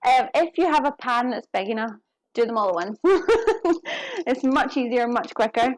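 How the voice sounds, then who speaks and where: Fairly high-pitched and fairly quick, a cooking streamer chats with her viewers while she cooks live from her home kitchen.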